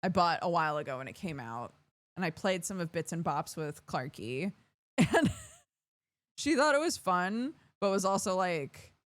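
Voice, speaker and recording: Woman streamer, young adult, tired casual chat; lowish, animated pitch; dry mic. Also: normal speed, no room sound. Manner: chatty, reads out chat and thanks subscribers. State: yawning, tired.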